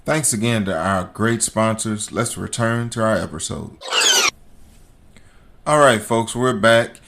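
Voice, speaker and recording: A man hosting a podcast, shifting between emphatic, repetitive commentary and relaxed, chatty sponsor reads. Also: fairly low pitch, a little slow, heavy background noise. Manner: fired up and emphatic, preacher-like repetition; calm and conversational in sponsor reads. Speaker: podcast host.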